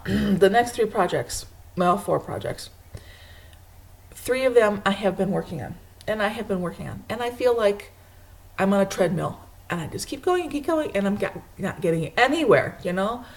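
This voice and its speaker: A woman hosting a knitting video podcast from home, chatting casually and laughing often while she shows her projects to a webcam. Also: mid-range voice.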